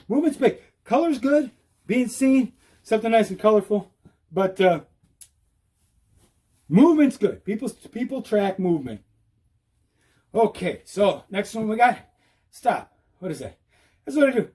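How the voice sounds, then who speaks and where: A man giving an animated, repetitive how-to talk while riding outdoors, out of breath. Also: sits high, normal speed, breathy edge. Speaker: e-bike vlogger. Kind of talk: casual instructional talk.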